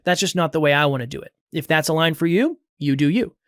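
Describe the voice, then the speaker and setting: A man hosts his podcast and coaches listeners in a direct, motivational way, repeating his main points to drive them home. His voice sits a little high for a man, and the sound is dry and close. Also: fast, fairly bright tone, no room sound. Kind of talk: solo podcast advice talk.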